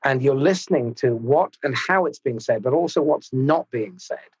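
A man hosting a podcast, talking in a measured, thoughtful and slightly formal way. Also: medium pitch, animated, husky, highs cut off. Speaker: podcast host. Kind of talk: reflective interview talk.

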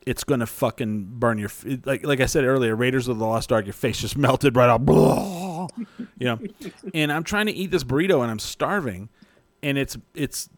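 A man's voice: mid-range voice, expressive, moderate pace, dry recording. A young man from New Mexico telling a long story in casual chat, rambling, swearing and laughing often.

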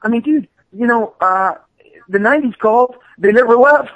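Brief: high-voiced man, comic artist guest, animated rambling chat, dry close sound. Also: normal speed, no room sound, dull audio. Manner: rambling, animated, profane storytelling. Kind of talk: casual podcast chat.

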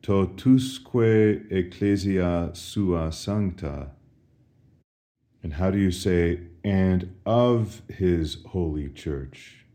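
A man, a priest, teaching Latin responses in a slow drill, asking each phrase and answering with careful, precise pronunciation. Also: low-pitched, dark tone. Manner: slow, deliberate, repeats questions and answers.

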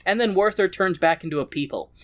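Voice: medium pitch, quick pace. A podcast host recapping a story in an irreverent, comedic way with frequent laughter.

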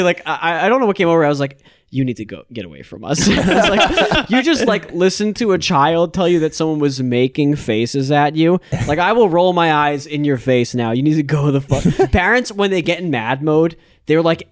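A man's voice: on the high side, animated, brisk, no echo, studio quality. A man in casual podcast chat, crude and joking, laughing often.

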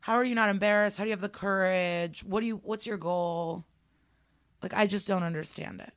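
Woman comedian, animated storyteller, mid-pitched, dry close-miked sound. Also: fairly quick, no room sound. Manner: animated storytelling, acts out quotes. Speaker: stand-up comedian. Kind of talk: casual podcast chat.

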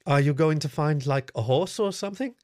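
A man's voice: a little high, a little fast, a little mellow, no echo, studio quality, pitched above the performer's own voice, natural voice. A man voicing a playful young female fox spirit in a story reading, raising his voice to sound teasing and flustered. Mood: startled. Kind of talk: audiobook character voice.

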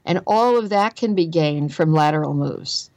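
A woman's voice: deep voice, lively intonation, normal speed, darkish tone, no echo, muffled recording. A woman with a New Jersey accent, a guest author talking about careers in an emphatic, earnest way and repeating phrases for stress. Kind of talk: conversational interview.

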